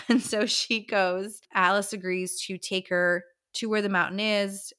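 Female podcast co-host, casual book-club recap, mid-pitched, chatty. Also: steady tone, pushed and bright, clear, resonant tone. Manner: chatty recap, slipping into quick voices for characters.

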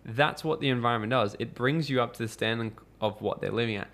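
Aussie guy on a podcast, talks quick, mid pitch, super animated, swears a lot. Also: vocal fry. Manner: animated storyteller, acts out quotes, swears freely. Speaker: podcast guest. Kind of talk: casual podcast conversation.

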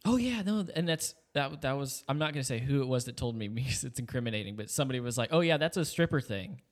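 A man's voice: medium pitch, fast. A young man in his twenties casually telling a rambling story on a podcast, full of fillers and restarts. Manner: rambling, animated retelling with filler words. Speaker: podcast host.

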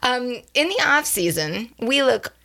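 A woman's voice: a little high, expressive, measured pace, creaky, bright, forceful tone. A woman co-hosting a podcast, chatting casually and laughing often, correcting herself as she goes. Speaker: podcast co-host. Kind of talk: casual chat about baseball.

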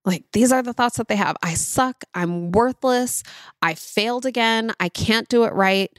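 A woman's voice: fairly low pitch, dry recording, clean studio sound. A woman in her thirties hosting a parenting podcast, chatting directly to listeners and calling them y'all. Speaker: podcast host. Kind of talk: casual solo podcast talk.

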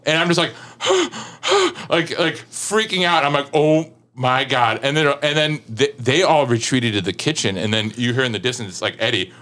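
With few pauses, a man in his thirties talks fairly quickly in a mid-range voice, telling a drawn-out anecdote as a podcast guest. The chat is casual, and he is an animated storyteller who laughs often and says "like" constantly.

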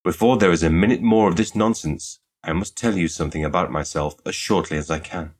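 A man putting on a brisk, exasperated young shopgirl. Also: low voice. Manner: impatient, emphatic. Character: young woman shop attendant, brisk and exasperated.

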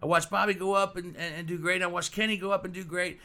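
A man with a bright, somewhat high voice hosts the conversation. He talks in long, meandering questions and stumbles over repeated words while he works his way to the point. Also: level tone. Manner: rambling, repeats words, draws out questions slowly. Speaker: podcast host. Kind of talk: interview questioning.

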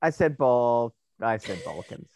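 A man co-hosting a music podcast, talking in an animated, opinionated way and stammering when he gets excited. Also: mid-range voice, measured pace, creaky, dry recording, clean studio sound. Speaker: podcast co-host. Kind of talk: casual music chat.

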